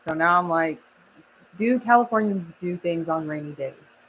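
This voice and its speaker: A woman's voice: on the low side, animated, normal speed, fairly bright tone, slight background noise, poor audio. A young woman from Oklahoma chatting casually on a live stream, laughing often and reading the chat aloud. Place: home studio.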